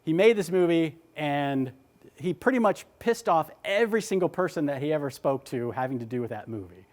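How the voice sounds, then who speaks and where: A man giving a motivational talk, animated and emphatic, often repeating his words. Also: on the high side, fairly quick. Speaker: motivational speaker.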